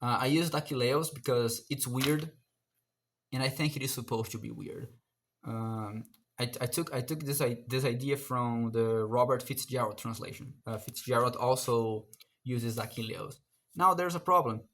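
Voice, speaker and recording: A young man talking casually on his own about his hobby, excitable and self-mocking, his voice jumping up loudly at times. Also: normal speed. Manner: excitable, self-mocking, with sudden loud jumps in pitch. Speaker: language learner vlogger. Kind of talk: casual solo monologue.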